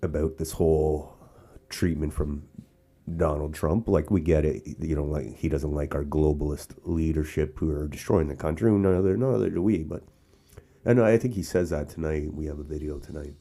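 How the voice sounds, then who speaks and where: In an extremely low, dark voice at a normal speed, a Canadian host offers rambling political commentary from Sarnia, outdoors or somewhere casual. He keeps restarting and wandering into asides.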